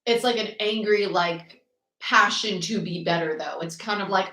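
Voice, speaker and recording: A woman's voice: medium pitch, moderate pace, pushed and bright. Young jersey-raised woman doing a live tarot reading, chatty and blunt, a bit sarcastic, echoey room. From New Jersey, US. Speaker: tarot reader, channel host. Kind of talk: live-streamed tarot reading, casual chat.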